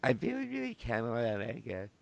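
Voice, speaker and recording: A man hosting a podcast, teasing and laughing in casual chat with quick interjections. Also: medium pitch, huge pitch swings, vocal fry, a little mellow, dull audio.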